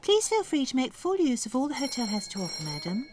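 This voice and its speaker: A woman's voice: high-pitched, wildly swooping pitch, slight background noise. A woman playing a chirpy, efficient hotel receptionist with polite service manners. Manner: brisk, bright, customer-service polite. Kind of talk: radio drama acting.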